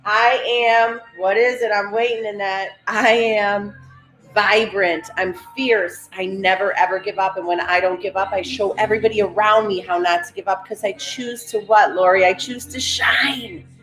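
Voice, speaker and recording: A woman's voice: medium pitch, fairly even intonation, normal speed, a bit bright. A woman guiding a live breathing and affirmation session, repeating her cues in a coaxing way and calling out viewers' names from the chat. Her voice sits in a middle register. The sound is roomy, with faint music underneath. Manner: repetitive, coaxing instructions, calls listeners "baby".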